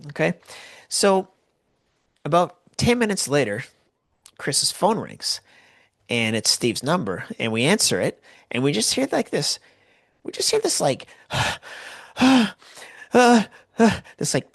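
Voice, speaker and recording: A man's voice: a little high, huge pitch swings, measured pace, vocal fry, long pauses, dry recording, studio quality. A Canadian man hosting a podcast, telling a story casually and rambling with lots of fillers and restarts. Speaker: podcast host.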